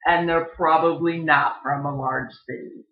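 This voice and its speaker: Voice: mid-range voice, steady tone, moderate pace. A presenter casually explaining regional differences, talking with lots of ums and uhs and imitating how words are pronounced in different places. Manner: chatty, filler-heavy, mimics regional pronunciations. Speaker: video presenter. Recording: dull, echoey home recording.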